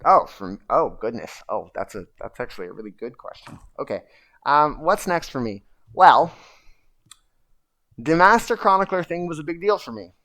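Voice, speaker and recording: A man hosting a casual livestream, rambling and animated as he tells stories and answers viewer questions. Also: on the high side, moderate pace. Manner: rambling and animated, chanting and shouting at times. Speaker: livestream host.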